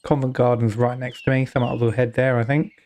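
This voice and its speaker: A man's voice: medium pitch, level tone, fast talker, darkish tone, a little hiss or hum. A British man casually commenting as he plays, often muttering to himself. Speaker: streamer.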